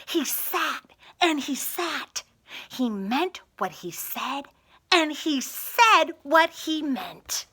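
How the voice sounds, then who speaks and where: Female storybook reader, rhythmic and expressive, unhurried, high bright voice. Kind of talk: children's story read-aloud.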